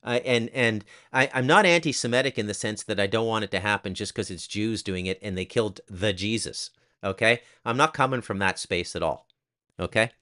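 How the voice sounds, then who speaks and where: A man's voice: on the low side, a little fast, pushed and bright. A man hosting a casual commentary monologue, blunt, crude and sarcastic, often tagging "okay?" onto his points. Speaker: host.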